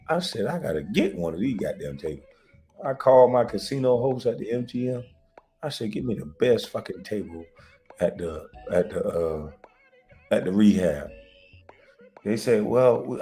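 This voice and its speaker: A man telling wild stories in a casual chat, laughing often and swearing freely. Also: medium pitch. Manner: loud, laughing, swearing storyteller. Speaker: show host.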